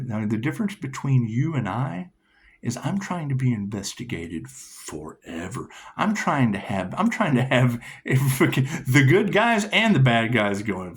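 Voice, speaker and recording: A man's voice: big pitch swings, normal speed, a bit bright, slightly rough. A man giving a casual tarot reading, rambling and profane, laughing often. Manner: rambling, profane, laughs often, reads card text in a lilting high voice. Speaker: tarot reader.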